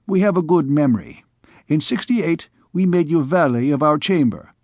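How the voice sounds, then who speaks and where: A man's voice: on the high side, lively intonation, moderate pace, a little mellow, no echo, clean studio sound. A man voicing an anxious, stingy medieval king who snaps querulously, in an audiobook reading. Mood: dry. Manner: querulous, peevish outbursts.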